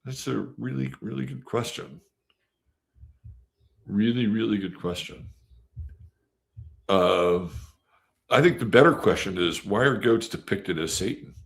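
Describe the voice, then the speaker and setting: A male host chats loosely with his live viewers, wandering from one comment to the next. His voice is low and full of gravelly fry. He talks at an unhurried, drawn-out pace. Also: animated. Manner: rambling and chatty, with many fillers and sudden jumps in loudness. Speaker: astrology show host. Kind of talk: casual live-stream chat, greeting viewers.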